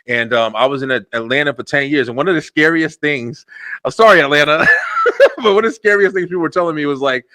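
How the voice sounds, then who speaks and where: A man with a New Jersey accent hosting a web show over a video call, talking fast and excitably with lots of slang and fillers. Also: fairly high pitch, no echo. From Elizabeth, New Jersey. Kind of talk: casual interview chat.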